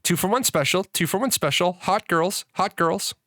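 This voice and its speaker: A man's voice: high-pitched, moderate pace, bright, forceful tone, dry recording, studio quality, voice pushed up. A man voicing a crude male parrot from a brothel in a joke, repeating each catcall twice.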